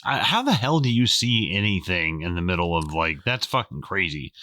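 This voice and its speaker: Joking, foul-mouthed man with a low, bright voice. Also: very animated, normal speed, dry recording. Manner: joking and profane, with incredulous rants. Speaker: podcast co-host. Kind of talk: casual film-review chat.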